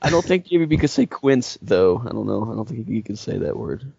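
Gravelly, joking young podcast guy. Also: on the low side, big pitch swings, a little fast, mellow, no room sound, highs cut off. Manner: laughs often, jokey, stumbles and repeats words. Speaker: podcast co-host. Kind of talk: casual podcast banter.

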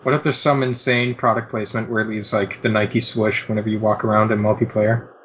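A man's voice: on the low side, level tone, a little fast, fairly bright tone. A man on a gaming podcast tossing in wry, joking asides. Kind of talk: casual gaming podcast chat. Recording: dull lo-fi audio with faint noise.

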